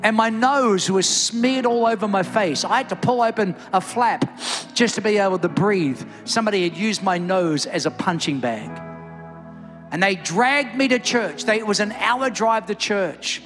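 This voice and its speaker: A middle-aged man preaching in a church with a notably high voice, fervent and rising toward shouts. Soft music plays faintly underneath. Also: lively intonation, moderate pace, in a large hall. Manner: impassioned, builds to near-shouts. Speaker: pastor. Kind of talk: sermon with altar call. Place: church service, also streamed online.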